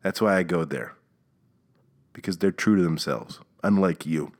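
Low-voiced male podcast host, sarcastic solo rant, stammery restarts. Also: normal speed. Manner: sarcastic, rambling, with stammered restarts and mock outrage.

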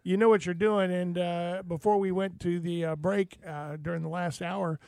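A man hosts a radio show in a relaxed, halting way, filling pauses with ums and uhs. His voice sits high. The studio sound is dry and close. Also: vocal fry, clean tone, dry recording. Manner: easygoing, halting with many fillers. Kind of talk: casual radio talk. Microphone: studio microphone.

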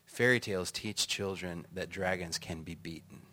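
A man's voice: low-pitched, normal speed, a little hiss or hum. A middle-aged man, an author and songwriter, telling stories in conversation and acting out quotes with laughter. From United States. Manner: animated, acts out quotes, laughs often. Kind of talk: conversational storytelling.

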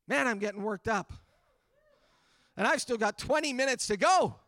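A man's voice: very high voice, animated, normal speed, bright, forceful tone, no echo, clean studio sound. A man preaching a sermon, earnest and building fervor with repeated refrains. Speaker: pastor. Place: church livestream during pandemic.

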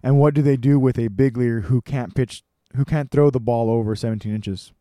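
A man's voice: medium pitch, fairly even intonation, a little fast, warm tone, dry recording, studio quality, natural voice. A man voicing an irascible 78-year-old baseball coach who barks questions at a crowd of coaches. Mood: gruff lecturing. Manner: barking, bellowing questions at a crowd.

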